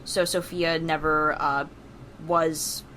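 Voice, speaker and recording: A woman co-hosting a casual podcast reads out history facts in a chatty way, with many fillers and restarts. Her low voice is flat, slow, and a bit bright, with a little hiss or hum in the recording.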